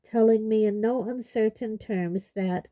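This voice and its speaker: Very old, calm, wry headmaster, read by a woman; measured and kindly, warm dark voice. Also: a little high, close to an everyday voice. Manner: measured, pleasant, gently dry. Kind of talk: audiobook character voice.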